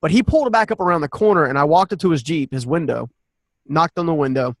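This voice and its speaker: A man in his forties, a podcast guest, telling a personal story in an animated, earnest way and often restarting his sentences. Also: fairly high pitch, quick pace, no echo. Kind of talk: personal storytelling in a conversational interview.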